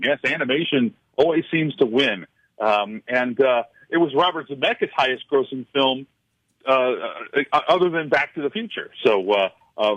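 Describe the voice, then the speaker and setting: A man, a film studies professor, chatting as a guest on a radio show, speaking haltingly with many uh fillers and restarts. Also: mid-range voice, fairly bright tone, no room sound. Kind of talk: radio interview chat. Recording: slightly muffled radio broadcast.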